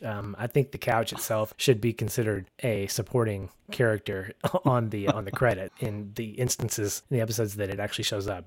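A man's voice: on the low side, no echo, studio quality. A man co-hosting a podcast, recapping a TV episode in a chatty, casual way, laughing often and acting out quotes. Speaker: podcast co-host.

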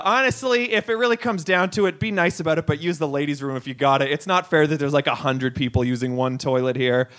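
A man's voice: high-pitched, a bit bright. A man hosting a comedy night and doing stand-up, rambling and self-deprecating with crude jokes. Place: comedy bar stage.

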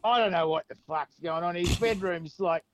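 A rowdy, stammering Australian dad who rambles and swears his way through every sentence, as a man puts him on. His voice sits high for a man. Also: moderate pace, a little hiss or hum, natural voice. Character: crude blokey middle-aged Aussie dad called Brucey.

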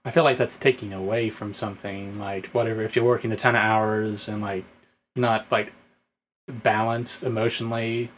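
A man with a fairly low voice, a musician guest on a podcast, speaking loosely and casually and leaning on "like". Faint background noise sits under his voice. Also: little pitch movement, normal speed.

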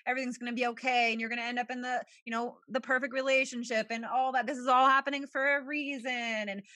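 A woman's voice: on the high side, steady tone, fast talker, bright, forceful tone, no echo. A young woman, a podcast guest, talking casually about feelings with lots of filler words and easy laughs. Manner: chatty, many "like" fillers, laughs often. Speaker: podcast guest, journal creator.

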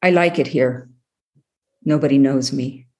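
Low-voiced middle-aged woman telling her story. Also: measured pace, darkish tone. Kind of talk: personal story told to an audience.

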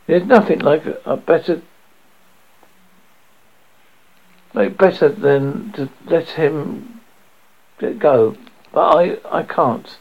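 Man voicing eccentric time traveller, raspy, upbeat-pitched, pleading, muffled lo-fi recording. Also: slow. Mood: uneasy. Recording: dull lo-fi audio.

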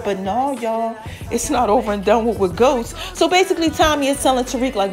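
A woman podcast host giving an excitable, casual recap of a TV episode, talking straight to her listeners. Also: fairly high pitch, brisk, hardly any pauses, soft background music. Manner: excitable storytelling, addresses listeners as y'all.

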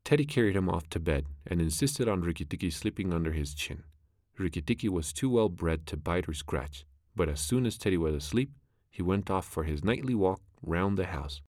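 A man narrating a classic animal story in a measured, expressive way. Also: low-pitched, no echo, clean studio sound.

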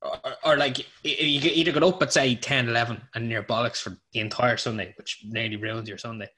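A man's voice: medium pitch, fairly even intonation, fast talker, pushed and bright. A young Irish man co-hosting a sports podcast, rambling casually with lots of "like" and swearing. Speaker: podcast co-host.

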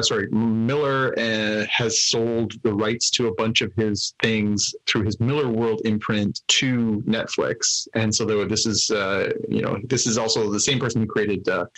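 A man's voice: on the low side, a bit bright, poor audio. A man on a podcast panel chatting enthusiastically about a show he recommends, with frequent uh fillers. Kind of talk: casual chat.

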